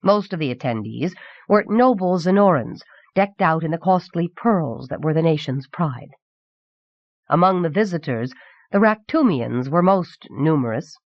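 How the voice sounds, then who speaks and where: A woman reading a fantasy novel aloud as an audiobook narrator, in a measured, even manner, on a dull, dry old cassette recording. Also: low-pitched, dry recording. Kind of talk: scripted narration.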